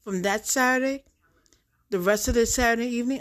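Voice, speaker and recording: Middle-aged woman, solo vlog monologue, forceful repetition, average pitch. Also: normal speed. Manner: emphatic, repetitive, addresses audience directly. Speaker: vlogger. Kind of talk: casual monologue to viewers.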